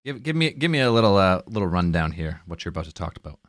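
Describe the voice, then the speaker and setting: A man's voice: low voice, very animated, quick pace, no room sound, clean studio sound. A man co-hosting a podcast, chiming in with short quips. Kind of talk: casual chat.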